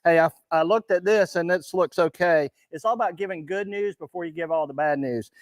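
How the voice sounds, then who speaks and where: A man's voice: fairly high pitch, a little fast, no room sound. A man co-hosting a podcast in casual chat, upbeat and encouraging. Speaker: podcast co-host.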